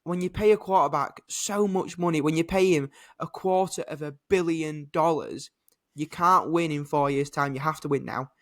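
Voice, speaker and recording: A man's voice: on the high side, moderate pace, a bit bright. A British man co-hosting a sports podcast, ranting animatedly in casual chat and swearing now and then. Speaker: podcast co-host.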